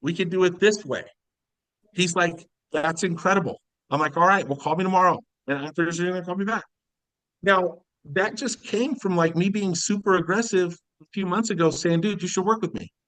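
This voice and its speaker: Man, sales leader, animated coaching talk, high voice, dry close mic. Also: a little fast, no room sound, rough recording. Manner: animated, acts out quoted conversations, laughs often. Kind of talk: casual recruiting training talk.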